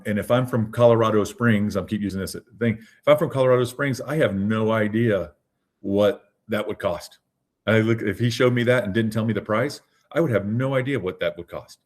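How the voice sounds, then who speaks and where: A man's voice: fairly low pitch, darkish tone. Chatty man coaching on a video call. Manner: chatty, repeats "right?". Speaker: real estate coach. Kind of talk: online training session.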